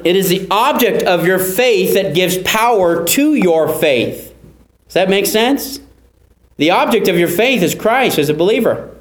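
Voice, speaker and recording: High-voiced man preaching in an echoey room. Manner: earnest teaching, repeats key phrases for emphasis. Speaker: pastor. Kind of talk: sermon.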